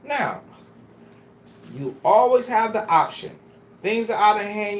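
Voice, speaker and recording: A man preaches with a lively, swooping delivery, pressing and pleading with his listeners. His phrasing is casual and street-style. The sound bounces around an echoey church room. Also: sits high, measured pace, long pauses. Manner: emphatic, pleading and exhorting the congregation. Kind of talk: sermon. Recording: roomy echo.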